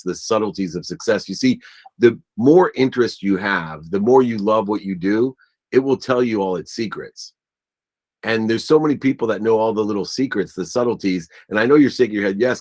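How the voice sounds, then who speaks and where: A man, a business coach, telling emotional family stories in an interview, acting out the voices of relatives and getting choked up at times. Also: lowish voice.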